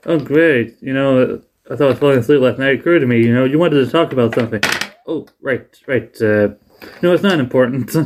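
A man chatting casually as co-host, retelling a sitcom episode scene by scene. He rambles loosely and slips into the characters' lines as he goes. His voice sits at an ordinary middle pitch. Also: brisk, slight background noise.

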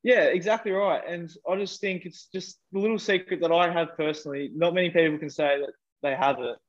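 A man's voice: fairly high pitch, brisk. A young Australian man chatting casually on a podcast, rambling with lots of "like". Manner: rambling, many fillers like "like". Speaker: podcast guest. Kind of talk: casual chat. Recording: dull lo-fi sound.

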